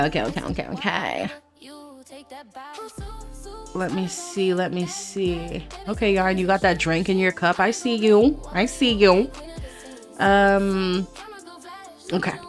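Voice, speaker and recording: A woman casually commenting on her gameplay, chatty and laughing as she talks to her viewers. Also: medium pitch. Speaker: let's play host.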